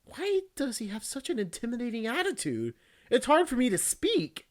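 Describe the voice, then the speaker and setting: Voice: medium pitch, wildly swooping pitch, moderate pace. A VTuber reading a visual novel aloud, breaking off for joking, crude, teasing asides and frequent laughs.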